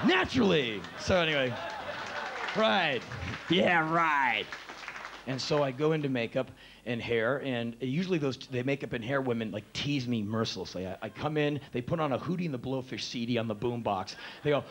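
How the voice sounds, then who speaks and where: A man performing spoken word storytelling on a live stage, animated and profane, acting out the quotes of the people in his story. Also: mid-range voice, a little fast, a little hiss or hum. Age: 30s. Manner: animated, profane, acts out quotes in shifting voices.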